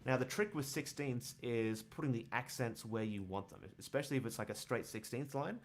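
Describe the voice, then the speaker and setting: A man teaching bass in a casual livestream, rambling with lots of fillers as he answers questions. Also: brisk. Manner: relaxed, rambling, many fillers, counts and scats rhythms aloud. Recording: bass guitar playing behind.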